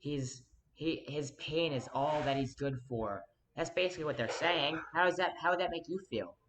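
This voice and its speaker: This man, a vlogger, has a fairly high pitch and speaks at a moderate pace over background noise. Talking right to the camera, he's earnest and insistent, yet restless and rambling, restarting often and leaping emphatically from one idea to the next.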